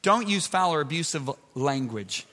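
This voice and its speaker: A middle-aged man preaching a sermon to a live crowd, swinging between loud shouted points and soft, confiding asides. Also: fairly high pitch, lively intonation, moderate pace. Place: large hall with an audience. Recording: long hall reverb.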